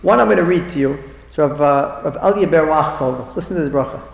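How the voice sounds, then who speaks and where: Middle-aged man, high gravelly voice, animated storyteller, reverberant hall. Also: fast talker. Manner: animated, repeats phrases, acts out quoted voices. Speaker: speaker at a religious talk. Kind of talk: inspirational talk with storytelling. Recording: echoey hall with long reverb.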